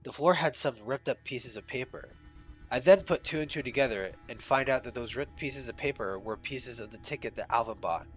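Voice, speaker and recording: A male streamer reading a creepy fan story aloud, animated and full of swearing asides. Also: medium pitch, a little fast, soft background music, rough recording.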